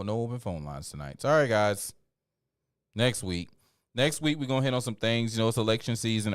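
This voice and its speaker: A tired man signs off his livestream with a very low, smooth voice. He talks casually, with plenty of fillers and shout-outs, into a dry, close mic. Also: no room sound. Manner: preachy build-up then laid-back rambling. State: tired, yawning. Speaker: livestream host.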